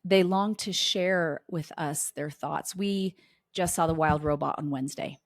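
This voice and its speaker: A middle-aged woman with a fairly low voice, recorded close and dry. She talks casually to her listeners as a podcast host. She tells family anecdotes in a chatty way and slips into the voices of the people in them. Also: unhurried, no echo. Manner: chatty storyteller who acts out family dialogue.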